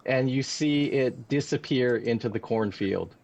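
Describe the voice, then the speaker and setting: Man, dungeon master, mid-pitched voice, calm scene narration. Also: a little slow, muffled recording. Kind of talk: narrating a tabletop game.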